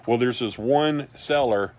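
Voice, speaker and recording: A man's voice: mid-range voice, measured pace. A man hosting a livestream, rambling through a story in a folksy way and reading out viewer comments. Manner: rambling and folksy, with many asides. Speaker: livestream host for a paranormal society.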